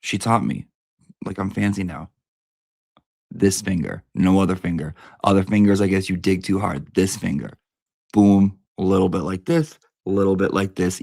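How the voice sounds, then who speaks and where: A man's voice: sits low, fairly even intonation, normal speed, creaky, a little mellow, dry recording. A man giving a brash, profane, theatrical comic review of beauty products.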